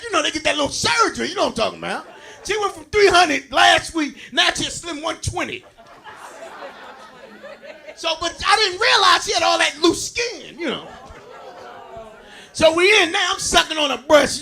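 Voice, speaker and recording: A man doing a stand-up comedy set for a live audience, shouting his punchlines, laughing at his own jokes and calling out to the crowd. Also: extremely high pitch, vocal fry. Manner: talks straight to the crowd, calls out to them.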